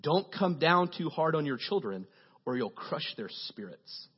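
A man preaching a casual, joking sermon as a youth pastor, telling animated stories to his congregation. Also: a little high, a little slow, muffled recording, a little hiss or hum.

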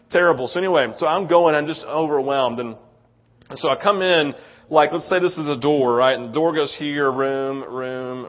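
A male pastor preaching a conversational sermon in a church, telling stories with frequent "right?" asides. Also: fairly high pitch. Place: church sanctuary. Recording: muffled lo-fi sound.

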